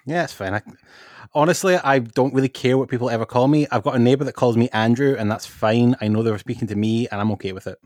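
A man's voice: medium pitch, quick pace, a little mellow, no room sound, clean studio sound. A Scottish man from Scotland, a guest on a gaming podcast, talking in an easygoing, rambling way. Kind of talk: casual podcast chat.

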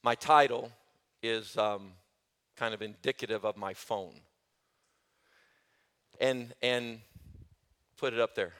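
A middle-aged man preaching a sermon as pastor, telling stories animatedly and swinging between loud and soft. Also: on the low side, slow pace, pauses often, clean tone.

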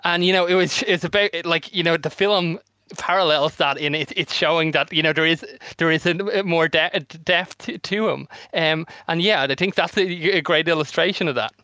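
Bright-voiced, rambling podcast co-host. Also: male voice, a little high, fairly quick, no echo. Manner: rambling, heavy on 'you know' and 'like'. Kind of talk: casual film discussion.

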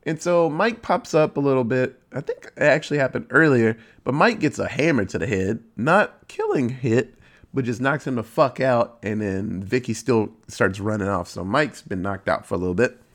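A man at a middle pitch, retelling a horror movie plot in a loose, conversational way. He swears freely and tells the story with animated energy, his voice leaping up now and then for emphasis. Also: normal speed. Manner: profane, animated storytelling with sudden pitch jumps. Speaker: movie reviewer. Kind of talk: casual movie recap.

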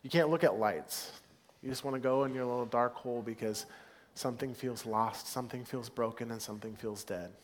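A man preaching a sermon as pastor, earnest, moving between hushed, soft passages and loud, upbeat ones. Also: mid-range voice, a little fast, a little hiss or hum. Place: church sanctuary. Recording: long hall reverb.

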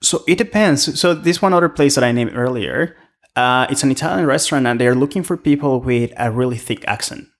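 Brisk and medium-pitched, a man chats casually on a podcast about his restaurant work. As a guest, he tells stories in a rambling way.

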